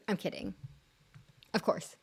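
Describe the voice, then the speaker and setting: A young woman streams live, chatting casually to her viewers. She rambles, giggles, puts herself down and uses lots of fillers.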